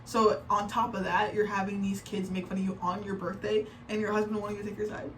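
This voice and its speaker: A woman's voice: medium pitch, level tone, fairly quick, fairly bright tone. A young adult woman reacting to online posts in casual commentary, chatty and full of "like" fillers, often exasperated. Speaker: reaction video creator. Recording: distant mic with faint background noise.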